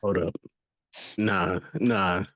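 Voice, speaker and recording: A man's voice: low voice, steady tone, extremely slow, a bit bright, no room sound. A man co-hosting a podcast, bantering in a teasing, slangy way. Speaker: podcast co-host. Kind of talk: casual banter.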